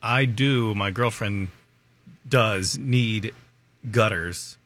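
A man's voice: lowish voice, very slow, a bit bright. A man co-hosting a talk radio show, chatting casually. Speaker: radio co-host. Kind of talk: casual banter.

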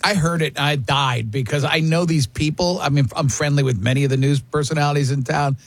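A man hosting a radio show in casual, chatty banter, quick to laugh. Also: fairly high pitch, no echo. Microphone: studio microphone.

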